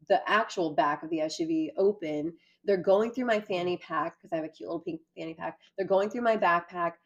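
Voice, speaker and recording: A woman giving an earnest, animated account of her arrest during a conversation. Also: on the low side, dull audio. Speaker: guest recounting an arrest.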